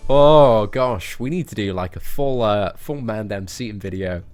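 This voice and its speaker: Brief: British male streamer, jokey live chat, animated pitch, faint music behind. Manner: playful, joking, laughs often. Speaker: game streamer. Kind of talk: casual live-stream chat reading out viewer comments.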